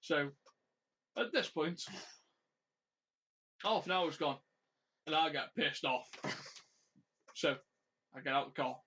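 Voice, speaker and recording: A man co-hosting a podcast, telling a road story in an animated, ranting way and swearing freely. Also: fairly high pitch, slow, pauses often, a little hiss or hum. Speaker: podcast co-host. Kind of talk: casual storytelling chat. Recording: dull lo-fi audio.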